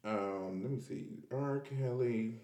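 A man's voice: medium pitch, slow, dark tone. A young man, hosting a casual podcast and commenting on news in a loose, chatty way with restarts and laughs. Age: 20s. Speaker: podcast host.

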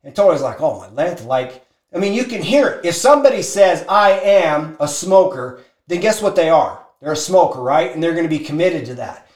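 Animated man in an echoey room. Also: fairly high pitch, a little fast. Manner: animated storyteller, acts out quotes, shouts for emphasis. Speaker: motivational speaker. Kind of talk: motivational talk with acted-out story.

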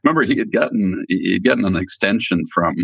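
A newspaper editor chatting on a podcast, rambling and laughing often. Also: male voice, low-pitched, expressive, fast talker, gravelly, a bit bright, slightly rough, no room sound. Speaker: newspaper editor, regular guest. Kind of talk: casual podcast chat.

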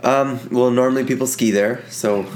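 A man's voice: medium pitch, steady tone, normal speed, darkish tone. A young man from Ontario, Canada, co-hosting a casual podcast, telling stories loosely, swearing and laughing. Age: young adult. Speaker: podcast co-host.

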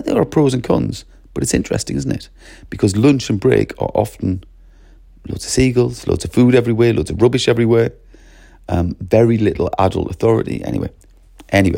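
A middle-aged man talks to teachers with a gravelly, husky voice that swoops up and down expressively. His tone is mellow rather than bright, and the dry, close sound carries no room echo. He keeps the delivery animated, often slipping into character voices. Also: mid-range voice. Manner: expressive, lively, acts out classroom voices. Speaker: teacher trainer. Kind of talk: animated training talk to teachers.

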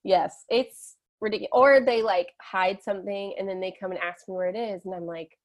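A woman's voice: mid-range voice, steady tone, a little fast. A woman in her thirties, a guest telling stories with animation, laughing and acting out quotes. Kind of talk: storytelling in conversation.

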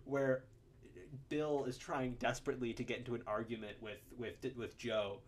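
A man co-hosting a podcast, talking about a film in a casual, animated way, laughing often and restarting his sentences. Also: mid-range voice, moderate pace. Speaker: podcast co-host.

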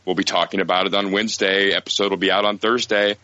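A man's voice: low voice, level tone, fast, sharp tone, no room sound, lo-fi sound. A man co-hosting a podcast, joking and swearing casually as he chats and plugs his own show. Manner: profane, joking. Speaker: podcast co-host. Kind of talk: casual chat.

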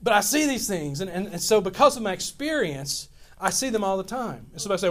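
His voice sits high and he talks fast: a pastor in his fifties from Louisiana, preaching and telling stories in a lively, meandering way full of restarts.

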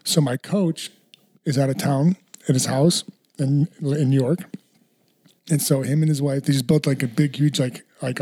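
A man chatting casually as a podcast co-host, telling animated stories full of fillers. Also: a little high, husky. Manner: animated storyteller, lots of fillers. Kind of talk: casual chat.

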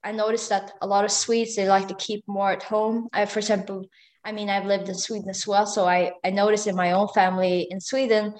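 A young woman talks casually as a guest. She hedges and restarts, fills gaps with "um" and "like", and slips in small laughs. Her voice sits at an ordinary pitch for a woman. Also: flat delivery, brisk. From Norway. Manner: hesitant, with many fillers and soft laughs. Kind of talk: casual conversation.

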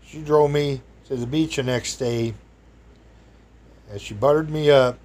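A man's voice: mid-range voice, steady tone, a little slow, a little mellow. A man telling a rambling personal anecdote to an audience, chatty and meandering, breaking into exclamations and chuckles. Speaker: storyteller.

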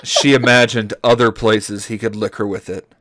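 A man co-hosting a comedy podcast, reading a story aloud in a deadpan way and stopping to comment on the text. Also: fairly low pitch, normal speed, no echo, clean studio sound. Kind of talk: comedic read-aloud with banter.

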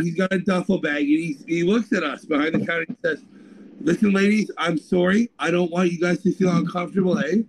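A man's voice: high voice, a little hiss or hum, poor audio. A man from Canada hosting a podcast, telling stories in casual, profane banter. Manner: profane, animated storyteller.

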